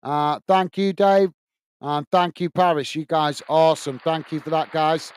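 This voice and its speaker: A man's voice: on the high side, fairly even intonation, a little slow, a little hiss or hum. A man hosting a live football watch-along, chatting to viewers and reading their comments aloud. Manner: chatty, addresses viewers as guys and mate.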